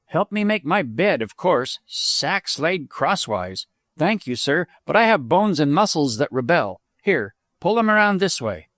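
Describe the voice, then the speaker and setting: A man voicing a bold, self-assured young woman on the trail, brisk and commanding. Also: a little high, big pitch swings, fairly bright tone, no echo, studio quality.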